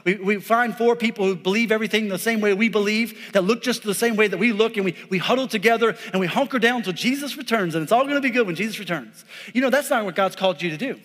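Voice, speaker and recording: A man preaching a lively, conversational sermon as a pastor, calling out to his congregation. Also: high-pitched, fast talker, in a large hall. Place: church sanctuary.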